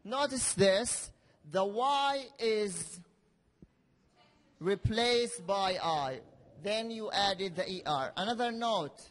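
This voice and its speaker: A male teacher giving a classroom grammar lesson, speaking slowly and repeating key words for his learners. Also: high-pitched, lively intonation, a bit bright. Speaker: English teacher. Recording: reverberant classroom hall.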